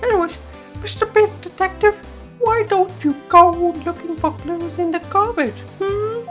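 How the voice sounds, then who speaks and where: A woman doing a squeaky, teasing young witness. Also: normal speed. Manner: sing-song, teasing, sly. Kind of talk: voicing game dialogue. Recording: game music behind the voice.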